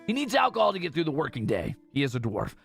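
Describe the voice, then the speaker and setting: A man streaming a game in casual commentary, reading game text aloud with excited asides. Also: fairly high pitch, quick pace, creaky, breathy edge, soft background music.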